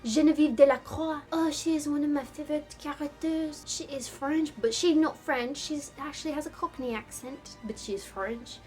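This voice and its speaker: A woman's voice: sits high, normal speed, hardly any pauses, a little mellow, soft background music. Sarcastic young woman ranting in a video essay. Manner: sarcastic, exasperated, swearing.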